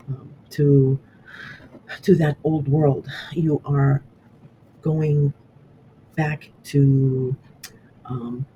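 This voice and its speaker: A man giving a casual horoscope reading, rambling and halting with many fillers and restarts, and getting emotional as he talks. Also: a little high, mellow, a little hiss or hum, poor audio. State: emotional, voice catching. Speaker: astrology reader.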